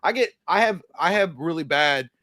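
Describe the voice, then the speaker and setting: Co-host, male, fairly high voice, dry close sound, swears a lot and acts out quotes. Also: normal speed, no room sound. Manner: profane, animated, acts out quotes. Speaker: podcast co-host. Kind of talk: casual chat, storytelling.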